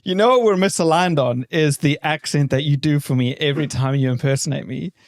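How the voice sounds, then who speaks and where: A man's voice: a little high, fairly quick. A man from South Africa with a light South African accent and a British twang, co-hosting a casual chat with dry humor. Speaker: podcast co-host.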